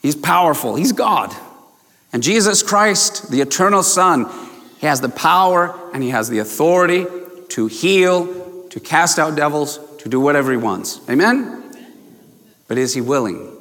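A man's voice: on the high side, animated, normal speed, a bit bright. A man preaching a sermon, stressing and repeating key phrases and putting questions to his congregation. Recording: long hall reverb.

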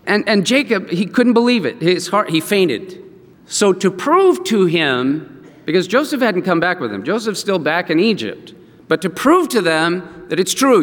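A male preacher giving a sermon as an animated storyteller who acts out the quotes and chuckles along. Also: sits high. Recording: echoey hall.

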